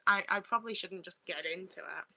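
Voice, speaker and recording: Reading comments on her livestream, a young woman from the north of England chats bluntly and swears without holding back. Her voice is on the low side and a little fast, pushed and bright, with vocal fry.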